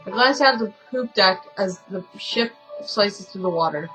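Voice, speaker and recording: A woman reads a story game aloud at an everyday pitch, casual and unpolished. She trips over words and goes back to fix them, dropping in chatty asides. Soft music plays faintly behind her. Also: a little slow, rough recording. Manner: stumbling, self-correcting reading with asides. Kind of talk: casual let's-play reading.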